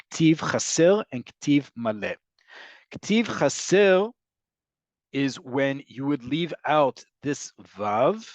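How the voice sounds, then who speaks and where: A man's voice: medium pitch, no echo. Man teaching in a dull, dry recording. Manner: explanatory, patient, reads out student questions; frequent "um" and "right?" fillers. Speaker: Hebrew teacher. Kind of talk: online class answering questions.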